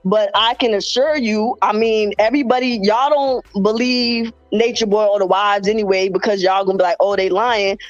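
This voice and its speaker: A woman's voice: medium pitch, steady tone, normal speed, hardly any pauses, no room sound, muffled recording. A woman on a live stream telling a rambling story full of slang, quoting phone calls as she goes. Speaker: guest commentator. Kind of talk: casual live-stream chat.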